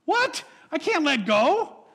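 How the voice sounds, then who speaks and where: A man's voice: very high-pitched, big pitch swings, slow pace, gravelly, fairly bright tone, in a large hall, voice pushed up, heavily acted. A man voicing a panicked young boy clinging to a cliff, pleading frantically. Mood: shocked.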